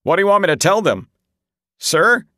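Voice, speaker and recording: Hurried radio officer pressing for orders, higher voice, man putting it on. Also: big pitch swings, sharp tone, no room sound, studio quality, heavily acted. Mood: urgent. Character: urgent male communications officer.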